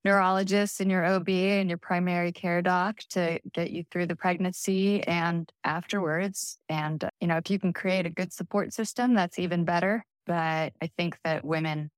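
Woman guest, relaxed anecdotal delivery, dry close recording. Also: lowish voice, normal speed, hardly any pauses, no echo. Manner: anecdotal storytelling, relaxed and candid. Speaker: guest author. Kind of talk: casual interview chat.

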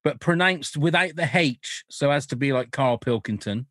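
A man's voice: mid-range voice, normal speed, fairly bright tone, dry recording, clean studio sound. A man co-hosting a podcast in casual, jokey banter, laughing often and mimicking swear words. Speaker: podcast co-host.

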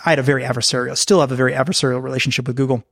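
A man's voice: medium pitch, level tone, rapid-fire, a bit bright, no room sound, studio quality. A man talking as a podcast guest, frank and anecdotal, acting out the exchanges he describes. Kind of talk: candid conversational storytelling.

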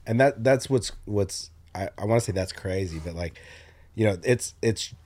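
A man in his thirties, a podcast guest, speaking supportively in halting bursts with many restarts. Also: on the low side, darkish tone. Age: 30s. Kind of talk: casual chat.

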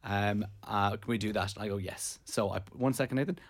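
An Irish man co-hosting a radio show, telling a story in casual chat and acting out the quotes in it. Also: fairly low pitch. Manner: rapid storytelling with acted-out quotes.

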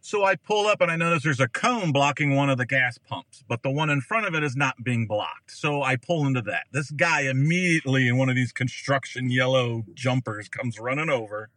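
A man's voice: medium pitch, a little fast, few pauses, bright, forceful tone, dry recording, rough recording. An American man from Ohio, a podcast guest, telling a story casually and acting out the people in it with big jumps in his voice. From Ohio, USA.

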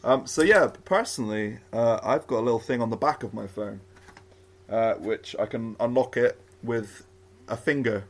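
A man's voice: mid-range voice, moderate pace. A man co-hosting a podcast, hesitant and self-mocking, putting on a mock-presenter delivery. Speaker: podcast co-host. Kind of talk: casual chat.

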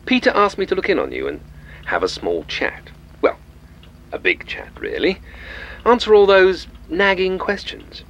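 A man's voice: sits high, huge pitch swings, moderate pace, fairly bright tone, lo-fi sound, full character voice. An actor playing a genial, cheerfully polite but menacing old man in an audio drama.

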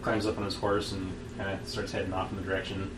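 A man narrating a western tabletop game as game master, halting with fillers and restarts. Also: low voice, completely flat delivery. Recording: distant mic in an echoey room with background noise.

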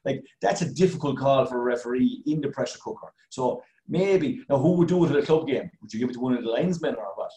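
A man explains his point in a casual sports chat, leaning on "right" and "like" as he goes. His voice is mellow and dark, and it rings in an echoey room. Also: medium pitch, animated, quick pace, few pauses. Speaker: panelist.

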